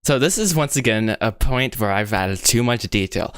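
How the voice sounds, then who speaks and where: With a smooth mid-range voice at normal speed, a young US man talks casually to his livestream audience as he works on animation. He's excitable and self-deprecating, rambles freely, sounds out mouth shapes, and says "guys" and "bro" a lot.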